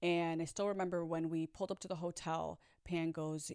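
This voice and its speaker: A woman from Chicago recounts her own story to viewers, chatty and sassy, tossing out asides and laughing often. Her voice sits a little low, and the recording is dry and close with no room sound. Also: level tone, normal speed, few pauses, darkish tone, clean tone, dry recording. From Chicago, USA. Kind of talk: storytime vlog.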